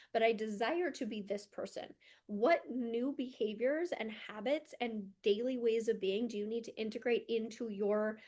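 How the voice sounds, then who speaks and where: Earnest woman spiritual mentor, slightly high. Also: a little mellow. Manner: earnest and emotional, says "like" often. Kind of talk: heartfelt motivational monologue. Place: home room with candles and rugs.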